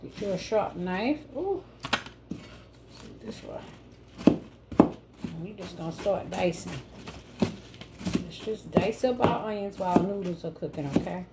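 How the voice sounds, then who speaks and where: Loud background noise runs under this clip of a woman's home cooking vlog, where she talks easily to her audience and calls them "y'all" and "baby." She sounds animated at a medium pitch, with a measured pace, vocal fry, and frequent pauses.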